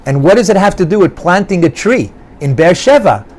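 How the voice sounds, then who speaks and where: Animated rabbi teaching a class. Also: male voice, sits high, brisk. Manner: animated, asks students questions, repeats key phrases. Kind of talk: classroom Torah lesson.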